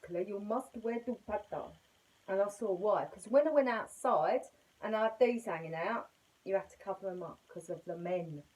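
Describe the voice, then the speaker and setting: A woman's voice: medium pitch, animated, normal speed, darkish tone, poor audio. A middle-aged woman talks through a casual yoga lesson at home. She rambles happily and keeps poking fun at herself as she explains. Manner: chatty, self-mocking, rambling. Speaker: yoga teacher.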